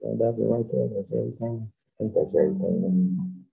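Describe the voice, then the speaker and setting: A man's voice: on the low side, brisk, vocal fry, phone-quality sound, soft background music. A man giving laid-back, slangy reaction commentary on a song. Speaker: music reaction host.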